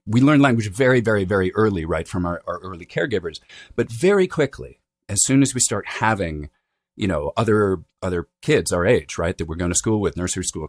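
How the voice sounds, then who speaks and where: Appearing as a guest on a podcast, a dialect coach explains things in an animated, lecturing style, often checking in with "right?" and "you know." His voice is lowish and the recording dry.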